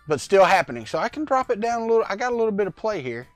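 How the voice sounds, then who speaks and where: In rapid-fire, sing-song delivery, a middle-aged host streams casually from his home workspace, rambling and greeting chat viewers by name. His voice sits high, the lavalier-mic recording is dry, and soft music plays in the background of this live-chat vlog.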